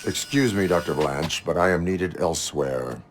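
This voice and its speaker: Man playing a cyborg cop, very deep voice, flat robotic delivery, formal, game audio over a noisy background. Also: normal speed, lightly acted. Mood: stern. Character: male cyborg police officer, stiff and formal. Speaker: police officer. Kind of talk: video game voice acting.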